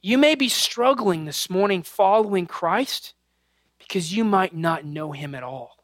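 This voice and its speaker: A man's voice: high-pitched, lively intonation, unhurried, dry recording, studio quality. A man in his thirties preaching a sermon, earnest and conversational, mixing scripture with personal family stories. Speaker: pastor.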